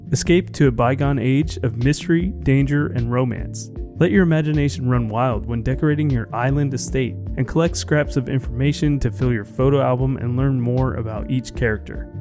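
A man reading a scripted advertisement in an upbeat sales-pitch manner. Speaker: ad reader.

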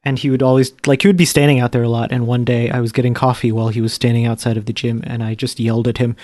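A podcast co-host, a man with a middle-pitched voice, trades quick anecdotes in a casual, deadpan manner. The audio is dry and close-miked, with no room sound at all.

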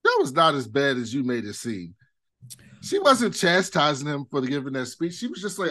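A man co-hosts a casual podcast and calmly pushes back on his partner, hedging with "um" and "I mean." His voice sits a little high and moves up and down with lively expression. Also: moderate pace, dry recording, studio quality. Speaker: podcast co-host. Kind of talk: casual chat.

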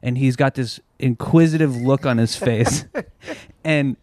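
A man chats on a podcast and tells a crude story. He talks in an animated way and keeps breaking into laughter. His pitch is middling and the sound is close and dry. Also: measured pace, dry recording. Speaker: podcast co-guest. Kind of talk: casual storytelling chat.

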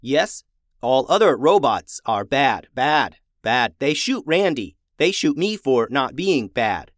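A man voicing an old male farm repair robot that talks in halting, stuttering, simple phrases. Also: medium pitch, very animated, no room sound, studio quality.

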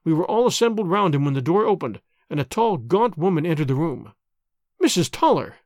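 Guy reading an old detective story, lively up-and-down voice, dry close mic. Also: on the high side, quick pace, dry recording. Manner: expressive, dramatic. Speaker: narrator.

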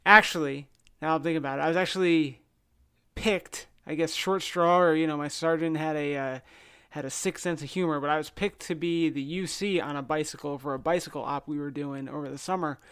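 Animated man telling a story, clear voice. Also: a little high, a little fast. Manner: animated, acts out quotes, swears, laughs at himself. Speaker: podcast host. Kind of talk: casual storytelling.

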